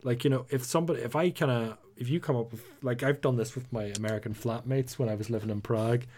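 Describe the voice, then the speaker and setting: A man's voice: mid-range voice, fast talker. Chatty Northern Irish man. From Northern Ireland. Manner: chatty, animated storytelling with playful put-on voices. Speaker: podcast co-host. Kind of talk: casual chat.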